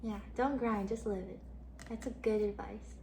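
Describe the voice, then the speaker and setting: A young woman streamer telling stories to her chat in a casual, animated way, laughing often and swearing casually. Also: medium pitch, normal speed, gravelly, slight background noise.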